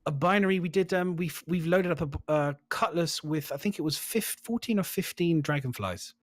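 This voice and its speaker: A man's voice: on the high side, normal speed, no room sound. A man telling rambling stories in a casual gaming podcast chat, full of fillers and restarts. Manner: rambling, animated storytelling with frequent fillers. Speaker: podcast host.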